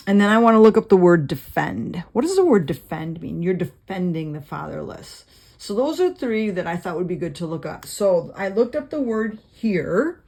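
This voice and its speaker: A woman's voice: medium pitch, darkish tone. A woman leading a casual Bible study, reading verses aloud and thinking through word meanings with frequent fillers. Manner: unhurried with frequent fillers and restarts.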